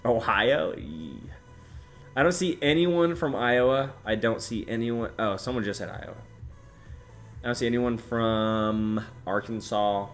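A man's voice: mid-range voice, unhurried, faint music behind. A young man in his twenties streaming live, casually reading viewer comments aloud and swearing now and then. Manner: swearing, animated, shouts out chat names and places.

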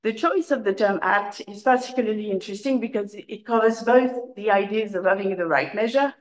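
A woman, an academic speaker reading a prepared paper aloud at a conference in a measured, formal way with occasional hesitations. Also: mid-range voice, rough recording. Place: lecture room at a conference.

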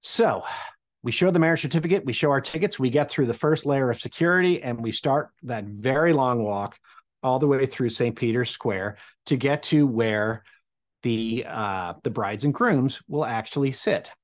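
An American man in his forties spins a personal tale for an audience, with humor and a knack for suspense. His voice sits at an ordinary male pitch, lively in the telling without strain. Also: moderate pace. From United States. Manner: animated and humorous, building suspense. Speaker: storyteller.

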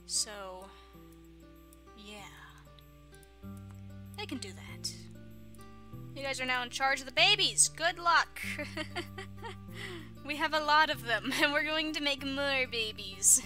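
A woman's voice: high-pitched, lively intonation, slow pace, long pauses, bright, forceful tone, soft background music. A young woman giving casual, giggly commentary on her own video game playthrough, often chanting silly catchphrases. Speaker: gaming YouTuber. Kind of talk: casual let's-play commentary.

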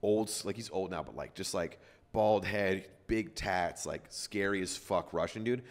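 Man, low voice, podcast host, casual rambling storytelling, swears. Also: moderate pace. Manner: loose, rambling with many fillers, swears.

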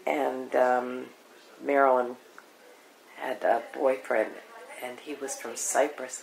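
An older woman from Canada recalls the past in an oral history interview. She rambles and pauses often as she gathers her memories. The recording carries a noticeable room echo. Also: a bass voice, expressive, gravelly. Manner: rambling, reminiscing, many pauses. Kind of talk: reminiscing interview. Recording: echoey room.

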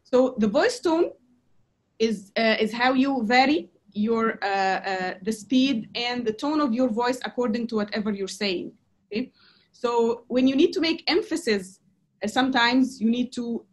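A woman lecturing a class on presentation skills, her voice sitting a little high. She speaks haltingly, with frequent fillers and restarts. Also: lively intonation.

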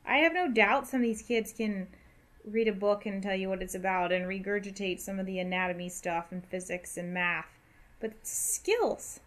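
A woman's voice: medium pitch, fairly even intonation, moderate pace. A woman co-hosting a casual political talk show, speaking in an emphatic, opinionated way. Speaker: podcast co-host.

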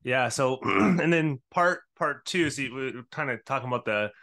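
Man, podcast co-host, bright tense voice, casual questioning. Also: mid-range voice, expressive, normal speed. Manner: affirming, informal questioning with fillers. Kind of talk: casual interview chat.

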